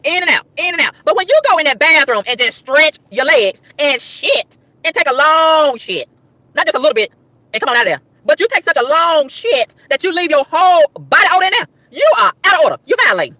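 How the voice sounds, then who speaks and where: A woman ranting to her livestream chat, emphatic and exasperated, with loud whoops. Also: high voice, big pitch swings, fairly quick, dry recording. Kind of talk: casual livestream rant.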